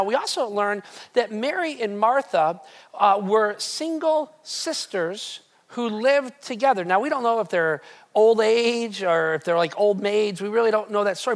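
A male pastor delivering a sermon to a live congregation, retelling scripture in a lively, conversational way with frequent restarts. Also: sits high. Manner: animated, conversational storytelling with many restarts. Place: church hall with live congregation.

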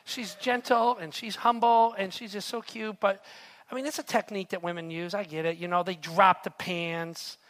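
A man preaches a sermon in an animated storytelling manner. He keeps turning to his listeners with rhetorical asides and questions. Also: sits high, normal speed. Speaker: pastor.

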